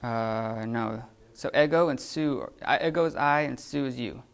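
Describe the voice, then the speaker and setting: A man teaching a live Greek grammar class, talking in a halting way with many fillers and restarts. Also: medium pitch, creaky, clean tone.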